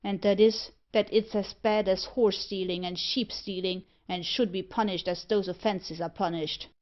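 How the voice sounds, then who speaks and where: A woman's voice: medium pitch, steady tone, normal speed, close to an everyday voice. Woman doing a stiff, indignant old merchant, easily scared, storybook audiobook, muffled lo-fi sound. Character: frightened pompous old male iron merchant.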